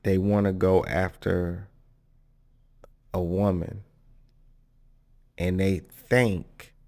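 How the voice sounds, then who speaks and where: A man's voice: deep voice, vocal fry, a little mellow. A man hosting a podcast, giving casual, candid commentary on clips and breaking into laughs between his points. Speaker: podcast host reacting to clips.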